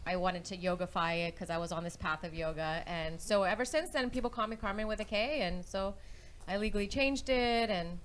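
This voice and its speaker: A woman guest on a talk show, soft-spoken and quick to laugh, in casual chat. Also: medium pitch, slight background noise, poor audio.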